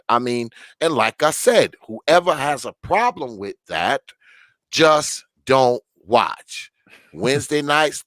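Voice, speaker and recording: A man's voice: medium pitch, fairly bright tone, dry recording. An older man, hosting a debate livestream in a profane, combative, emphatic rant. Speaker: debate show host.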